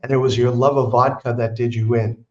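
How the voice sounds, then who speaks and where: A man voicing a solemn male psychic who channels a spirit and speaks in a formal, measured way. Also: mid-range voice, flat delivery, lightly acted. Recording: roomy, slightly dull recording.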